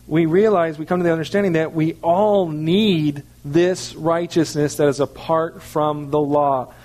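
Guy preaching a sermon, kinda high voice, keeps saying okay as he teaches. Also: darkish tone. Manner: earnest teaching with frequent "okay" check-ins. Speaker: pastor.

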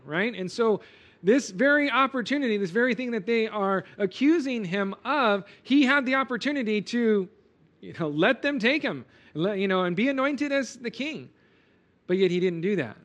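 A male pastor giving an expository sermon, animated and emphatic, often checking in with "okay?" and "right?". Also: a little high. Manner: animated, emphatic preaching with frequent "okay?" asides.

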